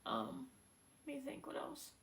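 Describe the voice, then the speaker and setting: A woman talking casually on a live stream, heartfelt and close to tears, pausing often with fillers. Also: a bit bright, rough recording. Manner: heartfelt, halting, many fillers, fighting back tears. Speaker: singer-songwriter hosting a live stream.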